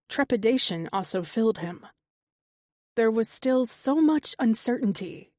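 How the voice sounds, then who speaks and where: A woman narrating a fantasy romance audiobook in a steady, measured reading style. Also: medium pitch, no echo, studio quality. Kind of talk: scripted narration.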